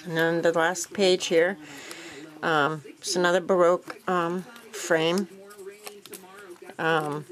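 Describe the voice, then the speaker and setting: Rambling low-voiced woman crafter. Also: slow, pauses often, rough recording. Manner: relaxed, rambling with frequent fillers and self-corrections. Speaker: crafting vlogger. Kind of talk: casual show-and-tell walkthrough.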